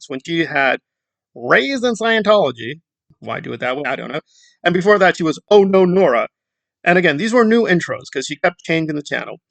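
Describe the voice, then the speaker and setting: Sarcastic male commentator from Central America, gravelly, talking close to a dry mic. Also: high voice, a bit bright, no room sound. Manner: sarcastic, rambling, mocking asides. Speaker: commentary YouTuber. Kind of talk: casual commentary monologue.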